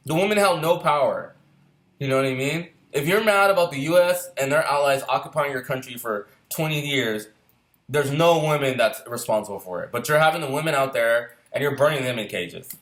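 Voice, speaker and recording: Man, quick and fired-up, rapid profane rant, slightly high voice, echoey room. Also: animated, a bit bright. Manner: heated, profane, fires rhetorical questions. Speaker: filmmaker sharing opinions. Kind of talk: casual rant. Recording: roomy echo.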